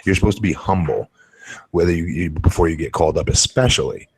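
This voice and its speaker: Deep husky ex-wrestler guy on a podcast, blunt, says what he thinks, dry mic. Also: quick pace, a little mellow. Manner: blunt, opinionated, exclamatory. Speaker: former wrestler, podcast co-host. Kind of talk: casual podcast chat.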